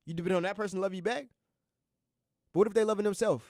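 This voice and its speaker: High-voiced young man, earnest slangy talk. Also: steady tone, fast, darkish tone, dry recording, clean studio sound. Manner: earnest, slangy, repeats himself often. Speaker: college radio host. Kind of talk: casual motivational talk. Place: radio studio.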